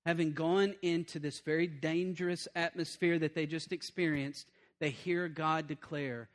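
A middle-aged man preaching a sermon, animated and conversational, repeating points and breaking into asides. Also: fairly high pitch, moderate pace.

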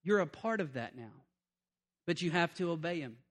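High-voiced, animated male preacher. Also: normal speed. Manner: animated, conversational preaching with repetition and asides. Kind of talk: sermon.

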